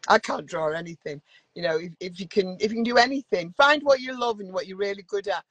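A woman's voice: mid-range voice, quick pace, fairly bright tone, no echo. A middle-aged woman from Manchester with a Mancunian accent, chatting as an interview guest in a blunt way, with dry humour and plenty of swearing. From Manchester, England. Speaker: guest singer. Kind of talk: casual interview chat.

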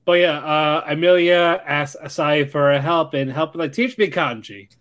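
Man from vermont, podcast co-host, slightly high voice, laid-back, swears. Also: normal speed, a bit bright. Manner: laid-back, swears, recaps plot loosely. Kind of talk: casual anime podcast chat.

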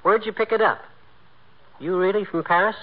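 A boastful blustering husband. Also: male voice, sits high, fairly even intonation, normal speed. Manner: bragging, teasing banter. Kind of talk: 1940s radio comedy acting. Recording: noisy muffled old radio transcription.

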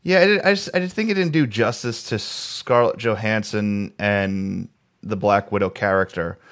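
A man's voice: lowish voice, normal speed, a bit bright. A man co-hosting a casual podcast chat over a video call, rambling with many restarts. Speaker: podcast co-host.

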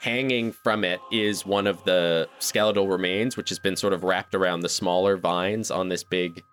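A man's voice: low-pitched, steady tone, moderate pace, fairly bright tone, slight background noise. A man narrating as game master of a tabletop game, setting each scene in vivid detail.

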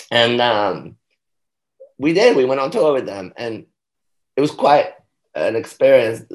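A man speaking as an interview guest, animated and prone to laughing, with a gravelly, slightly low voice. He tells stories frankly, with profane asides. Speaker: guest performer. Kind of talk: casual interview storytelling.

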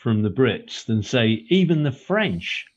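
A man's voice: mid-range voice, big pitch swings, a little slow, breathy edge, lo-fi sound. A British man, an author, chatting casually and rambling a little, restarting his sentences with plenty of ums. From Britain. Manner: rambling, self-correcting, with many ums and restarts. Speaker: author and podcast guest. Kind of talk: casual chat.

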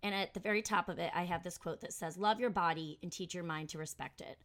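A woman's voice: lowish voice, fast, a bit bright. A young adult woman hosting her podcast, talking casually in a rambling, self-mocking way and reading from an article she wrote. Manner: chatty, rambling, laughs at herself. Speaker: podcast host.

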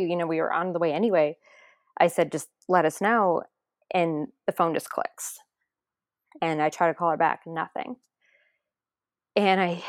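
A woman with a fairly low voice tells a personal story in an interview, earnest and emotional. She slips into quoting other people as she goes. The sound is dry and close, with no room around it. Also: no echo. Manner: earnest, re-enacts others' words. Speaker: interview guest.

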